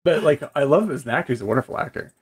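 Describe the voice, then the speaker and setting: A man co-hosting a podcast, telling stories in a loud, animated way, swearing and laughing often. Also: on the high side, racing, husky, no room sound, clean studio sound. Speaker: podcast co-host. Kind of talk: casual chat about a film.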